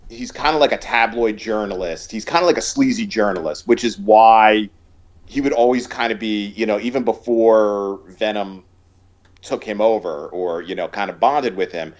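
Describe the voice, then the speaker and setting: A man chatting casually about a movie, rambling with lots of fillers and restarts. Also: lowish voice. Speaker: podcast co-host. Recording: dull lo-fi sound.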